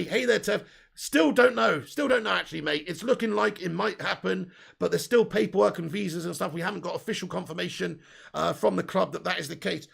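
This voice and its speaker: A man's voice: high-pitched, creaky, a bit bright, slightly rough. A man hosting a football fan live stream, chatting casually, giving opinionated takes and reading out viewer comments. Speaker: football fan channel host.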